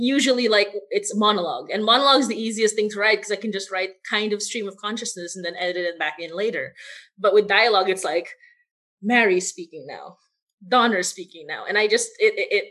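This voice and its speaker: Brief: woman podcast creator, chatty and rambling, laughs a lot, mid-pitched. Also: sharp tone. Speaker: podcast writer and voice actor. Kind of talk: casual behind-the-scenes chat.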